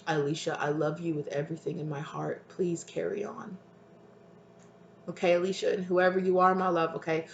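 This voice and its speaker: Tarot reader, soft and hesitant, mid-pitched, echoey room with light background noise. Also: little pitch movement, moderate pace, creaky, highs cut off. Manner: soft, tender, hesitant, calls listeners "my love". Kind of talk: intuitive tarot reading to viewers. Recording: roomy with faint ambient noise.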